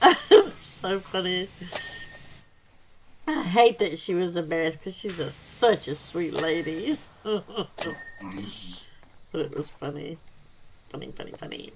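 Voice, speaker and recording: Slow-talking woman chatting while gaming. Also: lowish voice, animated, vocal fry, noisy background. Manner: rambling storyteller, laughs often. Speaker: gaming channel host. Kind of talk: casual chat while playing.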